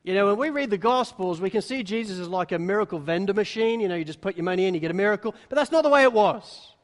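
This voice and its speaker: A man's voice: high-pitched, lively intonation, fast. Guy preaching a sermon, acts out the disciples' lines, echoey hall. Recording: long hall reverb.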